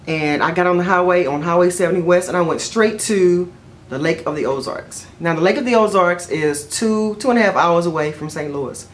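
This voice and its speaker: A woman vlogger telling a personal story in a chatty, rambling way, full of fillers and self-corrections, jumping up in pitch whenever she quotes herself. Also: fairly quick, a little hiss or hum. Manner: jumps high in pitch when quoting herself. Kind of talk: casual storytelling to camera.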